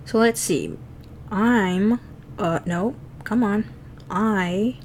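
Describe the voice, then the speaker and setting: A woman's voice: mid-range voice, drawn-out words, pauses often, darkish tone, slight background noise. A woman streaming herself drawing, chatting casually, laughing often and swearing freely as she teases herself. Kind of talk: casual chat while drawing.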